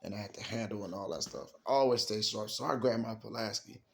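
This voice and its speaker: A man's voice: lowish voice, a little fast, vocal fry. A man telling a casual story in a slangy way, often saying "you know what I'm saying". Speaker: storyteller recounting camp trips.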